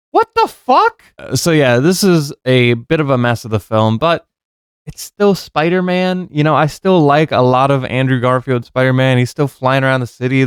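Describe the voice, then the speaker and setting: A man's voice: medium pitch, smooth, dry recording, studio quality. A young man giving a casual spoken movie review, frank and exasperated, swearing freely.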